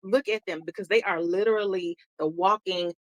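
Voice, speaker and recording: A woman's voice: fairly low pitch, steady tone, normal speed, no room sound. A woman co-hosting a podcast, speaking animatedly and encouragingly, often acting out what other people said. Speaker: podcast co-host. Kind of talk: casual chat.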